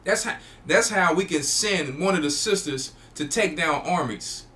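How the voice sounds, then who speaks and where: High bright-voiced preaching man. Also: expressive, normal speed. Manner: emphatic, repeats phrases, preacherly. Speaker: church elder and show host. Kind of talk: preaching talk to a live audience.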